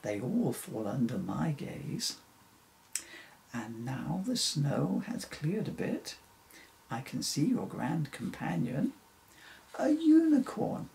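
A man's voice: fairly high pitch, very animated, takes it slowly, vocal fry, long pauses, darkish tone, slight background noise, heavily acted. A man reading a children's story voices an older, kindly Santa who knows every child.

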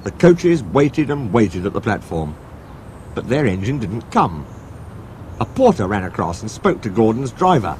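A man narrating a children's story with an expressive reading manner. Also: fairly low pitch, moderate pace, slight background noise. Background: music.

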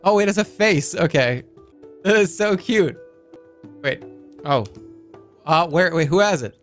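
A male streamer talks through a game in a loose, joking way, reacting out loud and swearing now and then. His voice sits a little higher than most men's. Faint music plays underneath his desk-mic chatter. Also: expressive, unhurried. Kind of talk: casual live-stream gameplay commentary.

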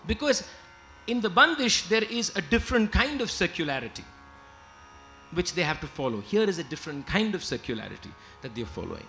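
Man explaining music, bright and high. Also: sing-song, a little fast. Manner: explanatory, emphatic, breaks into singing examples. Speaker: lecturer and singer. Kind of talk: lecture-demonstration. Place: lecture hall with live musicians.

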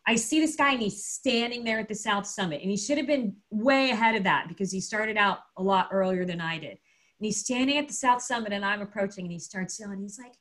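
A little fast and in a mid-range voice, a woman being interviewed recounts a story with lively, casual energy, voicing the quotes herself and leaning on many fillers.

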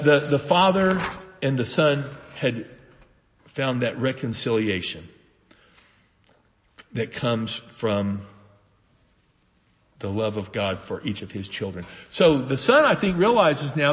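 A man preaching a sermon as pastor, telling the story with animated voices for its characters. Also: mid-range voice, long reverb tail. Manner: animated storytelling, acting out voices of the father and sons. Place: church sanctuary.

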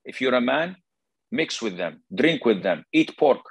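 An older sheikh lectures in a blunt, argumentative way. His husky, gravelly voice moves through a wide range of pitch. It sounds dry and close. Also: sing-song, a little slow, fairly bright tone, dry recording, low-quality recording. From Saudi Arabia. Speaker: Islamic scholar, sheikh. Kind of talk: religious lecture.

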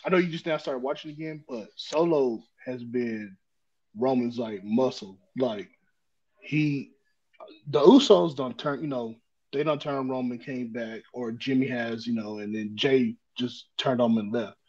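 Man explaining calmly over muffled audio. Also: mid-range voice, unhurried, breathy edge. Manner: explanatory, builds his points step by step. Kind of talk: casual wrestling chat.

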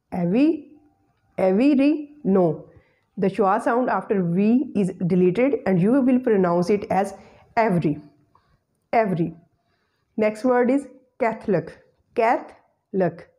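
A woman teaching English pronunciation, addressing her audience formally and repeating each example word slowly. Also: mid-range voice, warm tone. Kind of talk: spoken English lesson.

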